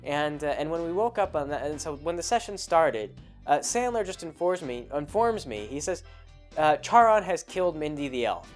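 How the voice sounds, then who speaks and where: A man's voice: a little high, expressive, normal speed, a little mellow, faint music behind. A man hosting a podcast, casually retelling a tabletop game session in a chatty, rambling way full of asides. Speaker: podcast host. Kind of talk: casual storytelling.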